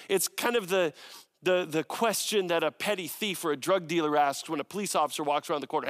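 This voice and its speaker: Male preacher, high voice, emphatic delivery, stacks up long lists and checks in with "right?". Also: fairly quick, fairly bright tone. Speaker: pastor. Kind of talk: sermon.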